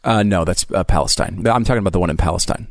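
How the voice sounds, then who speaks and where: A man co-hosting a talk radio show, arguing his points quickly with a wry edge. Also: sits low, gravelly, no echo, clean studio sound. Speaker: radio co-host. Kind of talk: casual political talk radio banter.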